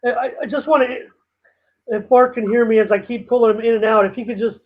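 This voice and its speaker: A man's voice: very high-pitched, fairly even intonation, quick pace. A man hosting a talk show over a video call, stammering and apologizing as he manages the connection. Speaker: show host. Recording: tinny phone-like line.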